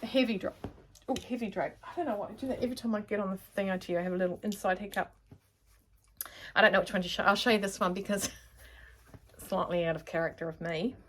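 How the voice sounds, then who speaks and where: Middle-aged New Zealand woman, casual sewing vlogger, rambling and self-deprecating. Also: medium pitch. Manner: chatty, rambling, self-mocking. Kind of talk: casual chat to camera.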